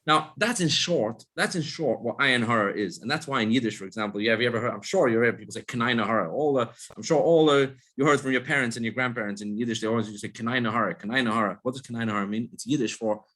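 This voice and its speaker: A man's voice: medium pitch, fast, few pauses, a bit bright. A man, a rabbi, giving a casual spoken class who explains step by step, asks and answers his own questions, and often restarts his words. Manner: frequent restarts and repeated words.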